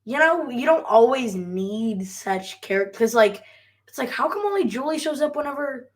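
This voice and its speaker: A woman's voice: a little high, animated, normal speed. A young woman co-hosting a podcast in casual chat about a TV episode, giggly and laughing often. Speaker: podcast co-host.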